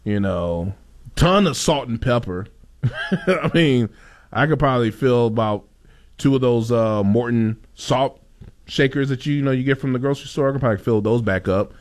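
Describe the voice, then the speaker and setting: A man chatting casually on a podcast, telling a funny story with lots of laughter and self-interruptions. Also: moderate pace. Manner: laughing storyteller, jumps into high put-on voices. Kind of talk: casual chat.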